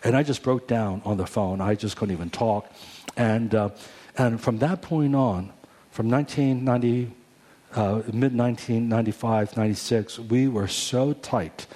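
Pastor in his 40s, sermon testimony; warm low voice with a husky edge, earnest, restarts often. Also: normal speed. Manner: earnest storytelling with many restarts.

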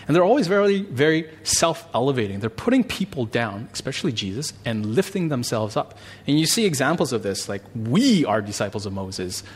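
A male pastor praying, then teaching a Bible passage in a conversational, animated way. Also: mid-range voice. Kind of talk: sermon with prayer.

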